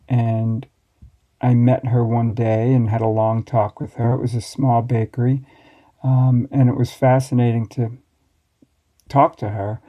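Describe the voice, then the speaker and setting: An American man in his sixties, a master baker, telling stories from his past in a relaxed, wry way as an interview guest. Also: mid-range voice, muffled recording. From United States. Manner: relaxed, reflective, wry storytelling. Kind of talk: storytelling interview answers.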